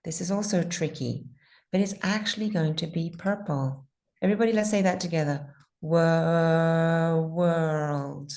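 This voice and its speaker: A woman teaching pronunciation in an online class, patiently modeling words slowly and repeating them. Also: lowish voice, a little mellow.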